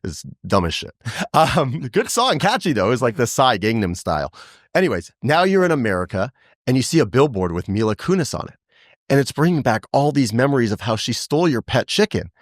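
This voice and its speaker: A middle-aged man from Canada, a publicist guest on a podcast, telling lively anecdotes and laughing through them. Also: mid-range voice, a little fast, dry recording, clean studio sound. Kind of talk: casual interview storytelling.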